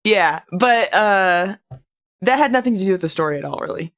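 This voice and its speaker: A podcast co-host in casual chat, talking haltingly with many restarts. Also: medium pitch, animated, a bit bright.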